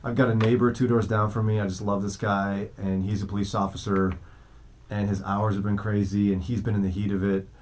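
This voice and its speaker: A man's voice: lowish voice, little pitch movement, a little fast, darkish tone. A man co-hosting a morning radio show, joking and bantering in the studio. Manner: joking, does playful put-on accents. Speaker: radio co-host. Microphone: studio mic.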